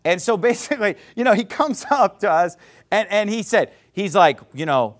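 Animated, sarcastic high-voiced male preacher. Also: normal speed. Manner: emphatic, repeats words. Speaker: pastor. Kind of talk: sermon with storytelling.

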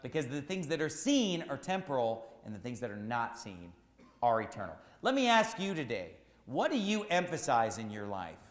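A man preaching a sermon as pastor, emphatic and repetitive, rising to shouts at times. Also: mid-range voice, very animated, moderate pace, reverberant, in a large hall.

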